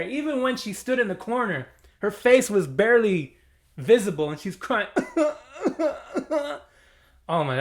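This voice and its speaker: A man with a fairly high voice talks through a movie he loved in a loose, casual review. He is animated and slangy and breaks into laughter often as he recounts scenes.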